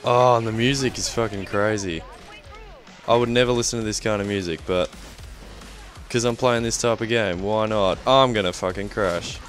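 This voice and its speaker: A young Australian man commenting live on a game he is playing, excitable and swearing often. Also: on the low side, normal speed, soft background music. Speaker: gaming commentator.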